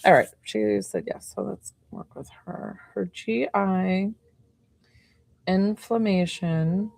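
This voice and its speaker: A woman's voice: mid-range voice, expressive, slow, creaky, darkish tone, rough recording. A woman giving a casual spiritual reading as an animal communicator, chatting and thinking aloud to herself.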